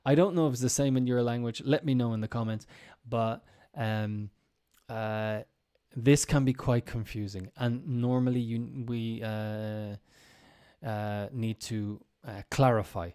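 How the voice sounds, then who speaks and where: A man's voice: medium pitch, steady tone, a little slow, mellow, clear, resonant tone. A man teaching English in a casual live-streamed lesson, explaining step by step with frequent ums and restarts.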